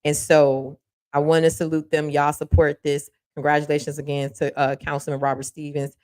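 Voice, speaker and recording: A woman hosting a casual livestream, chatting in a folksy, laughing way as she gives shout-outs to the people watching. Her voice sits a little low for a woman. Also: flat delivery, moderate pace. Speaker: host of a local news livestream. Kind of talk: casual live-stream chat.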